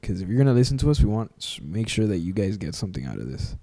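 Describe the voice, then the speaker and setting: A man's voice: on the low side, very animated, fast talker, warm tone, slightly rough, dry recording. A young man co-hosting a podcast in casual chat, emphatic and repetitive, calling his friend "bro" again and again. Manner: emphatic, repeats himself, says "bro" a lot. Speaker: podcast co-host.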